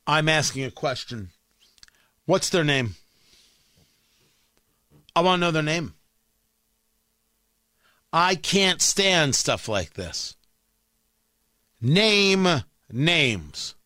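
Man, talk radio host, emphatic, combative, bright high voice, dry studio sound. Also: lively intonation, slow, long pauses, no echo. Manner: emphatic, combative, repeats lines for punch. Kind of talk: opinionated talk radio monologue.

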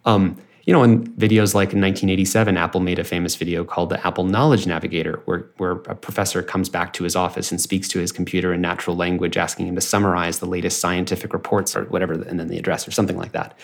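A man's voice: low voice, little pitch movement, fast talker, vocal fry, hardly any pauses. A middle-aged male podcast host who talks in long, winding sentences while steering the conversation. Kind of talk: conversational interview.

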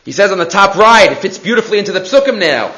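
Casting: high-voiced man, animated Torah teacher, dull echoey room recording. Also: quick pace. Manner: animated, acts out quotes, repeats himself. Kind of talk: Torah class lecture.

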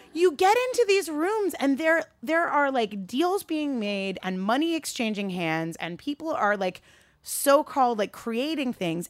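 A woman giving a candid, animated talk to a live audience, swearing freely and rising into a high register when worked up. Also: no room sound, clean studio sound. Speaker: speaker addressing a live audience.

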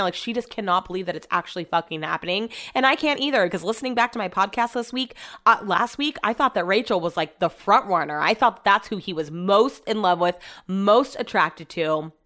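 A woman's voice: medium pitch, lively intonation, fairly quick, hardly any pauses, fairly bright tone. A woman hosting a podcast, recapping a reality show in casual chat, blunt and sarcastic, swearing freely. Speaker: podcast host.

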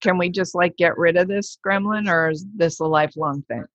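A woman's voice: fairly low pitch, fairly quick, dry recording, dull audio. A woman hosting an interview podcast, chatty and enthusiastic. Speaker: podcast host. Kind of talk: conversational interview.

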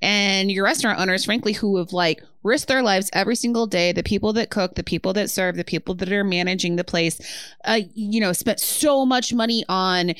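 Woman, podcast co-host, emphatic, indignant, middle pitch, dry sound. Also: fairly quick, fairly bright tone, clean tone, no echo. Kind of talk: casual chat.

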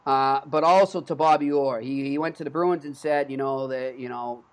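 A thirtysomething man with a Boston accent speaks at medium pitch and normal speed as host of a sports podcast. His casual talk rambles, and he often starts over mid-thought.

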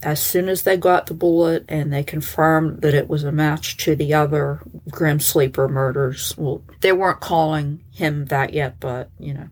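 A woman's voice: deep voice, steady tone, moderate pace, few pauses, a little mellow. A woman casually recounting a true crime case as a podcast host, chatty and conversational. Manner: conversational, lots of "like" and "so he goes". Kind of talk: casual storytelling narration.

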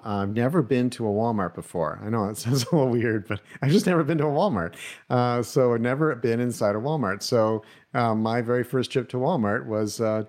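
Male podcast host, lowish voice, loose rambling anecdote delivery. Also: darkish tone. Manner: rambling, many fillers and restarts. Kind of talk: casual monologue.

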